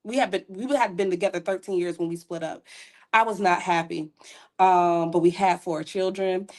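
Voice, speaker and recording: Earnest woman with a low voice. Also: steady tone, a little fast, warm tone. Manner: candid, earnest storytelling with casual asides. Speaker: podcast guest. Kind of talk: personal faith testimony.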